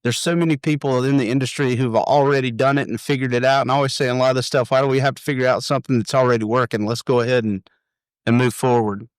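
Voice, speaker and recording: A man's voice: mid-range voice, steady tone, fast, dry recording. A man with a Southern US accent hosting a podcast in easygoing casual chat, laughing often. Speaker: podcast host.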